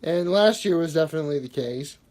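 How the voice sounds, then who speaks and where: A man's voice: on the high side, animated, fairly quick, a little mellow. A young man rambling casually in a daily vlog, full of fillers and self-corrections, holding his phone as he talks. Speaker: daily vlogger. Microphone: phone held in hand.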